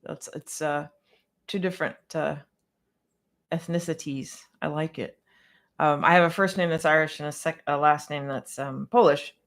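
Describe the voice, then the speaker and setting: A woman's voice: low voice, steady tone, moderate pace. A woman piano technician answering viewer questions on a casual livestream, chatty and a bit scattered, with frequent restarts and laughter.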